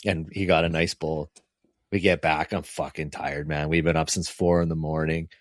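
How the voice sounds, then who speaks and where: A man's voice: extremely low pitch, flat delivery, normal speed, dry recording, clean studio sound. A man hosting a hunting podcast, telling guiding stories in casual chat, swearing often and acting out his clients. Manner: profane, laughing, acts out client voices. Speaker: podcast host, hunting guide.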